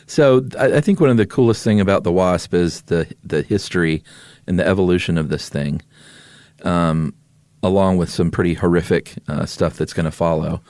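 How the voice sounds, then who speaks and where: A man's voice: low-pitched, moderate pace, a little mellow, no room sound. A man co-hosting a podcast, explaining things in an easygoing way and laughing often. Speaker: podcast co-host. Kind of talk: casual chat.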